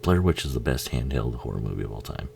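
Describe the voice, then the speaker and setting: A man's voice: rumbling low, lively intonation, fast talker, vocal fry, darkish tone, a little hiss or hum. A man giving a casual, rambling watch-along commentary on a film, swearing freely and laughing often.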